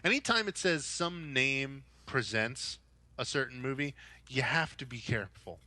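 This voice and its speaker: Young adult man, casual podcast chat, forceful bright tone, close dry sound, animated rambling. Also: medium pitch, moderate pace, no room sound. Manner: rambling, animated storytelling with mock-quoted voices. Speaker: podcast co-host.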